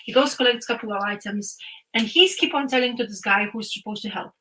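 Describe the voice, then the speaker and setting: A woman's voice: fairly high pitch, fast talker, a little hiss or hum, poor audio. A young woman on a podcast, chatting casually and retelling a comic's plot in a rambling way, full of fillers and restarts. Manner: rambling, animated storytelling with frequent fillers and restarts. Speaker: podcast co-host.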